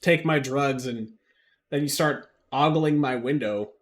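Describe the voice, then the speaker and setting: A man voicing an irritable male alien drug dealer who talks loudly and rambles in exasperation. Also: medium pitch, expressive, moderate pace, lightly acted. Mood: exasperated.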